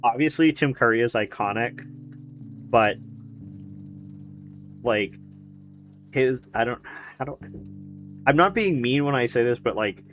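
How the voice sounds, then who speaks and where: A man's voice: medium pitch, expressive, unhurried, pauses often, a bit bright, faint music behind. A man streaming a video game, rambling and joking with casual commentary, swearing and laughing often. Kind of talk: casual let's-play commentary.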